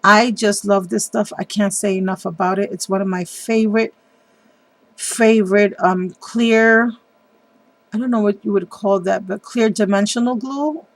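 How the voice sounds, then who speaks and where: A woman hosting a craft video, chatting warmly and enthusiastically about how she made a card, with frequent ums. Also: medium pitch, steady tone, unhurried, no echo. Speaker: papercraft video host. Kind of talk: casual craft show-and-tell.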